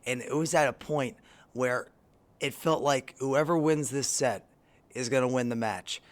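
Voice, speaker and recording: A man with a hoarse voice co-hosting a sports podcast in a studio, recapping games play by play. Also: medium pitch, unhurried. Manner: play-by-play recap, addresses co-host by name. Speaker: podcast co-host. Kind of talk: casual sports chat. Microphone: studio microphone.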